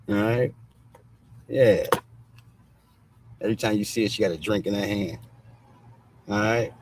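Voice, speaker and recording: A man's voice: lowish voice, slight background noise. A man hosting a livestream, giving blunt, casual commentary full of street slang and swearing, and he keeps saying "all right". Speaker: show host. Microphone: streaming mic.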